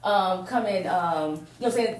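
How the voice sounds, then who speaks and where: A woman's voice: medium pitch, moderate pace. A woman on a podcast panel, chatting casually and bluntly. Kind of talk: casual group chat. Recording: echoey room, far from mic, faint noise.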